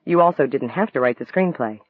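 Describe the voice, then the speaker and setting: A man reading a quiet, sad, guarded man. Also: medium pitch, animated, a little fast, close to an everyday voice. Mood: pensive. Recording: dry, tinny phone-like sound.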